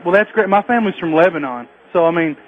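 Fast-talking Southern man on the phone. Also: sits high, lively intonation, slight background noise. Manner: argumentative, quick-talking. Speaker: caller. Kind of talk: talk radio call. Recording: tinny phone line.

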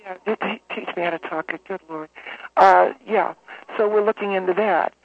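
A man voicing a pompous, self-important homeowners association president who talks in a halting monotone full of uhs, heard over a phone line. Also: high voice, gravelly, no room sound, voice pushed up. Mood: smug. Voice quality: monotone droning. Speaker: caller.

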